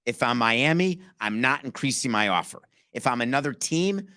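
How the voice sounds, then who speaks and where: Punchy sports podcast guy, bright forceful voice, dry close mic, lots of rhetorical questions. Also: medium pitch, lively intonation, moderate pace, no echo. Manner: emphatic, fires off rhetorical questions. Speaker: podcast host. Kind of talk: sports talk monologue.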